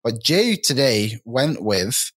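A man co-hosting a live sports chat show, joking around in relaxed banter with fillers. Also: mid-range voice, takes it slowly, husky, dry recording, clean studio sound. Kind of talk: casual live-stream chat.

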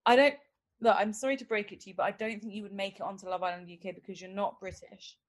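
A woman hosting a podcast, quizzing her guests in a teasing, animated way. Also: mid-range voice, fast talker. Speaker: podcast host. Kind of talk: casual chat.

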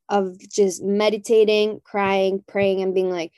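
A woman's voice: medium pitch, little pitch movement, slow pace, dark tone, clean tone, dry recording. A woman talking as a podcast guest, reflective and heartfelt, often adding "you know". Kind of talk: reflective conversation.

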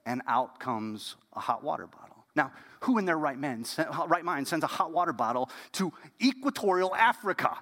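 A man preaching a storytelling sermon as pastor, animated and dropping to a hush at key moments. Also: on the high side, moderate pace, hardly any pauses, big-room sound.

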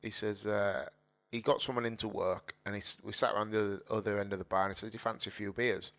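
Guest: man, lowish voice, heartfelt and candid storytelling, muffled lo-fi sound. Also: steady tone, fast talker, a bit bright. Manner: earnest, emotional, repeats phrases and quotes his dad. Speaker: guest, former footballer turned boxer. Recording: dull lo-fi audio.

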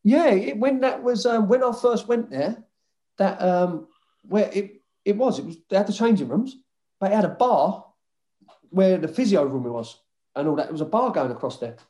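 A former footballer guest with a high-pitched, expressive, dark voice talks at normal speed. In a casual chat he shares rowdy stories from his football days, full of swearing, frequent laughter, and impressions of others.

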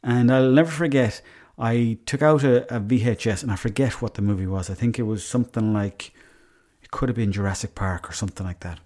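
A man's voice: mid-range voice, a little fast, a little mellow. Irish man telling a rambling story. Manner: rambling, self-mocking, swears casually. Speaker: podcast host. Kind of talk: casual storytelling monologue.

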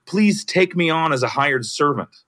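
A humbled, starving young son pleads to be taken back, as a man with a Southern twang reads his words aloud. The voice rises with earnest desperation, bright and clear in tone. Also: a little high, expressive, a little slow, voice pushed up. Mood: pleading.

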